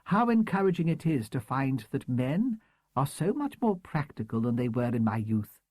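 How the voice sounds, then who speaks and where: A man's voice: medium pitch, big pitch swings, normal speed, a little mellow, dry recording, clean studio sound, pitched above the performer's own voice. A man voicing a courteous, distant older Englishwoman with a southern English accent and formal, old-fashioned manners. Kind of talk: audiobook character voice.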